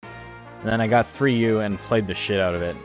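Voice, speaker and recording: A man's voice: fairly low pitch, moderate pace, faint music behind. A man giving loose, joking live-stream commentary on a game, rambling with lots of "like" and swearing freely. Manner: rambling, heavy use of "like". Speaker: tournament commentator.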